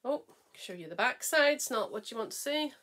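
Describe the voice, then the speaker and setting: Bright-voiced chatty woman podcaster. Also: on the high side, animated, normal speed. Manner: chatty and rambling, trailing off mid-sentence; enthusiastic and gushing. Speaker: knitting podcast host. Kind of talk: casual chat showing knitting projects.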